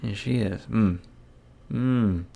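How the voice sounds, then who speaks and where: A man's voice: on the low side, slow, gravelly, warm tone. A man hosting a let's play, commenting bluntly on a visual novel and swearing freely.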